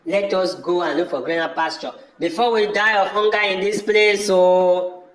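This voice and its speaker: A man's voice: high-pitched, fairly even intonation, moderate pace, fairly bright tone. A man playing a hungry brother eager to leave. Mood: urgent. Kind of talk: amateur audio drama acting. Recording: echoey room.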